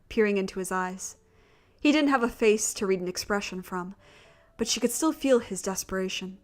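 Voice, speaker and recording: A woman narrating a gothic visual novel in a steady, measured reading voice. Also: medium pitch. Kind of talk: story narration.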